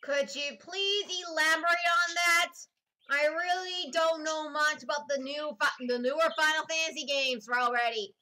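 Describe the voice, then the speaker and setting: A woman's voice: sits high, moderate pace, pushed and bright. A young woman chatting playfully and bouncily in a casual commentary, full of exclamations. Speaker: video commentator.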